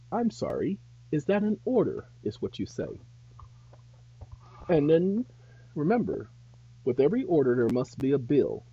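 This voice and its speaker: A husky man talks straight to his viewers, measured and deliberate, and his lively pitch swings up into loud indignation. It is a dull, dry recording. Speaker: host. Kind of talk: advice monologue to viewers.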